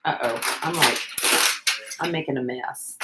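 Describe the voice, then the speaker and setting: A woman's voice: extremely low pitch, a little slow, roomy sound, very noisy. A woman chatting casually and rambling to viewers while she crafts on a livestream. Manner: chatty, rambling, self-deprecating, talks to viewers and pets.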